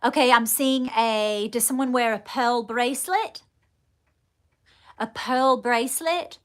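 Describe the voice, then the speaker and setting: A woman leading a live channelling stream, speaking in halting, repeated phrases and calling her viewers darling. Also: on the high side, fairly bright tone. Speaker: psychic medium.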